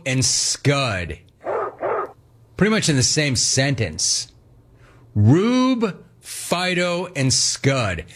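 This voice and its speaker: A man hosting a sports radio call-in show, brash, playful and fast-talking. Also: mid-range voice, background noise.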